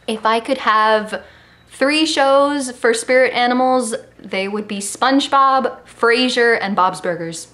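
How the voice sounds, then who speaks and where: A woman's voice: on the high side, normal speed, fairly bright tone. Young woman, early twenties, slight Miami accent, sassy and joking, casual vlog at home, camera mic. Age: early 20s. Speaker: vlogger. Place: home in California.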